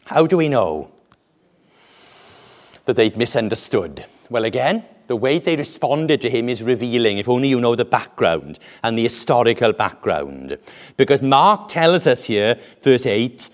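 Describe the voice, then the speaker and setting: A male preacher gives a sermon at a slow, measured pace. His pitch swings widely, climbing high on the exclamations and dropping low and quiet on the solemn lines. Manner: animated, deliberate preaching with dramatic pauses.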